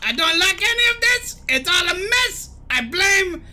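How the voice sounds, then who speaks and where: A woman voicing a grumpy middle-aged male cartoon mad scientist, shouting and ranting over gameplay. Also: extremely high pitch, big pitch swings, a little slow, slight background noise, full character voice. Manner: shouty, ranting, self-pitying. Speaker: gaming streamer. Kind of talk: gameplay commentary in character.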